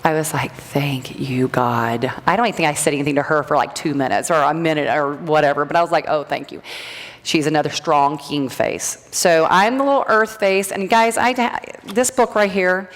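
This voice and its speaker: Chatty low-voiced woman in a hall. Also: fairly even intonation, brisk. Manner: rambling, chatty, self-interrupting storyteller. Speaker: graduate speaker, natural health practitioner. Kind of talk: casual speech to a live audience. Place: event hall. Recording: long hall reverb.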